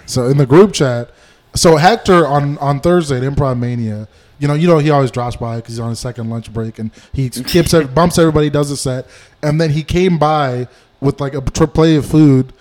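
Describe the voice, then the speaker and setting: A man's voice: medium pitch, a little mellow. Profane man telling comedy anecdotes. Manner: quick anecdotal storytelling, profane, acts out quotes. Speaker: comedian podcast co-host. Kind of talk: casual chat.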